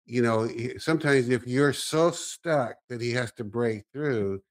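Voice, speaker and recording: A man's voice: mid-range voice, a little slow. A man, a Christian minister, talking earnestly in a casual conversation and often restarting his sentences as he thinks.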